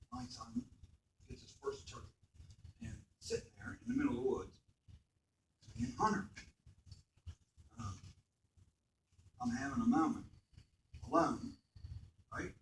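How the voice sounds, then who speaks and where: A man's voice: fairly high pitch, bright, forceful tone, slight background noise. Man telling students his story in an echoey hall. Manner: asks the audience questions, repeats "right?". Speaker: motivational speaker at a school. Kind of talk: emotional personal story told to students. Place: school hall. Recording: echoey hall, speaker far from the mic.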